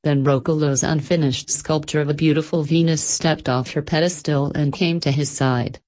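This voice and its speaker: A woman narrating a storybook in a gentle, measured way. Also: sits low, steady tone.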